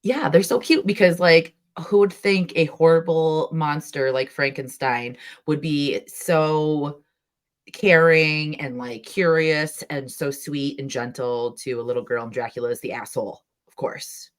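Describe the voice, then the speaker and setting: A woman hosting a podcast, chatting casually and enthusiastically with plenty of "like" and quick laughs. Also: low voice. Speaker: podcast host. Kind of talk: casual chat.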